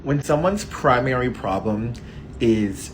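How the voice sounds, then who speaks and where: Frank, rambling male commentator talking to camera, light rumble under the voice. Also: animated, slow, low-quality recording. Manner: frank, rambling, filler-heavy with frequent "like" and "right?". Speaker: social media commentator. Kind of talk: casual monologue.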